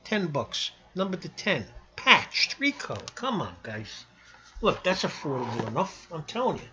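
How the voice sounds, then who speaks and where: Man, casual sales pitch, blunt and salty, higher voice, lo-fi home video. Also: big pitch swings, normal speed. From New York. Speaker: sports card seller.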